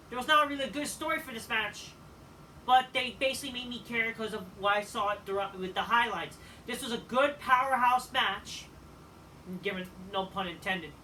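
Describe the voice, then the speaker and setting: Bright-voiced man ranting casually. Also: very high voice. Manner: profane, rambling, with frequent fillers. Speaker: wrestling show reviewer. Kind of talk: casual review rant. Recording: distant mic with faint background noise.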